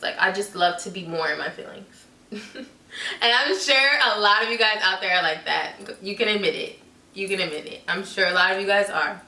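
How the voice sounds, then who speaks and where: A young woman chatting loudly and playfully in a casual vlog. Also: medium pitch, distant mic. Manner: loud, goofy and chatty. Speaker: vlogger. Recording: echoey room, off the mic.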